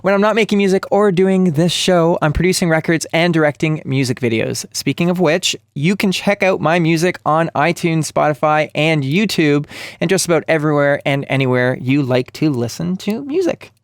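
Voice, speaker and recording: A man from Canada co-hosts a casual interview show in an upbeat, joking way. His voice is a touch higher than most men's, and the sound is dry and close. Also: moderate pace, dry recording. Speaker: co-host. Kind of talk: casual podcast hosting.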